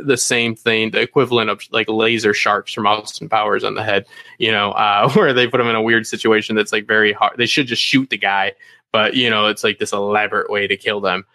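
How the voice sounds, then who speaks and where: A young man on a fan discussion panel, talking casually in an animated, rambling way, with lots of swearing and filler words. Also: lowish voice, gravelly, no room sound. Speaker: podcast panelist.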